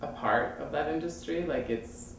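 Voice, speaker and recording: A man recounting a hard personal experience in a hesitant, halting way. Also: a little high. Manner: hesitant, halting, many fillers. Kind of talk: personal testimony. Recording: very echoey room, mic far off, faint noise.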